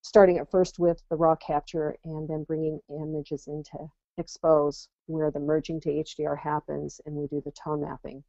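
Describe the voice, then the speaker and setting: Low hoarse woman with a scratchy voice. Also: level tone, moderate pace, warm tone, no echo. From Las Vegas, USA. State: hoarse from a cold. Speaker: guest presenter, photographer. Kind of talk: webinar presentation. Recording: dull lo-fi webinar audio.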